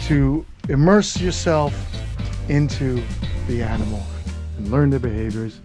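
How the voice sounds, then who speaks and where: A man running a reptile sanctuary, chatting casually to viewers while coaxing his animals in a gentle voice, recorded outdoors on a head-mounted camera. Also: medium pitch, a little slow, long pauses, soft background music. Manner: soft coaxing talk to the animals. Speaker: reptile sanctuary keeper and vlogger. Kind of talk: casual vlog chat. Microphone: head-mounted action camera.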